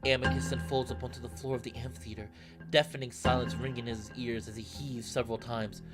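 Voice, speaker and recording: A man reading a visual novel aloud in steady narration, breaking into excited asides. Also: mid-range voice, quick pace. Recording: narration over loud game music. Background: background music.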